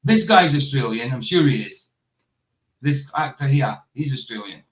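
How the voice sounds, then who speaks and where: A man from Wales hosting a casual livestream chat, excitable and quick to laugh and apologise. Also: medium pitch. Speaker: livestream host. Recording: noisy stream mic with clicks.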